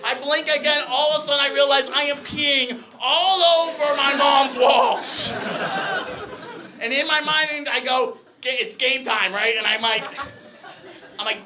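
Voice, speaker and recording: A young man performing a stand-up comedy set, telling a story with animated energy and shouted punchlines. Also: very high-pitched, moderate pace. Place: comedy club stage. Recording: live crowd audible. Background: audience laughter.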